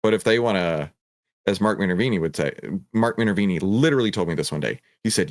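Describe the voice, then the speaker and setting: A man's voice: deep voice, lively intonation, quick pace, no echo, clean studio sound. A middle-aged man hosting a trading lesson, talking through a stock chart in an emphatic, preachy way with rhetorical questions and repeated phrases. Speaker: trading educator and host. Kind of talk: energetic stock-chart walkthrough.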